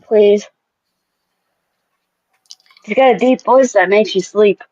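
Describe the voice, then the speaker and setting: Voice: medium pitch, slow pace, darkish tone, no echo, lo-fi sound. An easygoing co-host chatting casually on a livestream with short agreeing replies.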